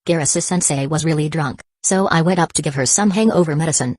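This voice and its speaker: A woman reading the lines of a calm, considerate young man who explains things politely. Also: low voice, fast talker, husky, no echo.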